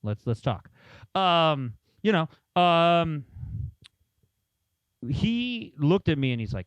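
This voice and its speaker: A man's voice: fairly high pitch, sing-song, normal speed, no echo. A man co-hosting a casual chat show, rambling through stories and acting out quotes. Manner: rambling storyteller, acts out quotes. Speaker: podcast co-host.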